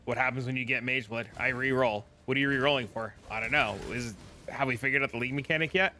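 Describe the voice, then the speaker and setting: A man streaming a game, chatting casually with viewers, profane and animated when telling a story. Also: mid-range voice, fast talker. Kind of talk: casual chat.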